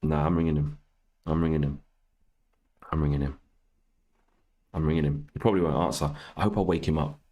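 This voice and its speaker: A man's voice: rumbling low, fairly even intonation, fairly quick, long pauses, dark tone, highs cut off. A young man hosting a casual livestream, reading viewer comments aloud and bantering with mock exasperation. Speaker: livestream host.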